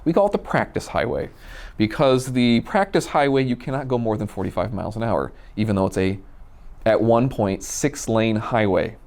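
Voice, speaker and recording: A man from Minnesota telling a personal story in a casual, animated way, acting out the dialogue. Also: on the low side, normal speed, creaky. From Minnesota, USA. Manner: animated, acts out quoted dialogue. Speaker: storyteller guest.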